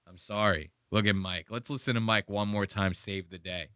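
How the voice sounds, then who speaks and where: A podcast host delivers a profane, mocking rant about a clip he is playing. His voice is bright and forceful. The sound is dry and close, with little room in it. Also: fairly low pitch, fairly even intonation, moderate pace, smooth, dry recording. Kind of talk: casual commentary on a played clip.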